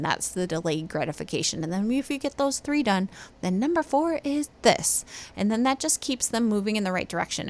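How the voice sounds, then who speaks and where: Chatty woman podcast host, lowish voice. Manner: chatty, animated, acts out kids' and parents' voices. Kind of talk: casual advice talk.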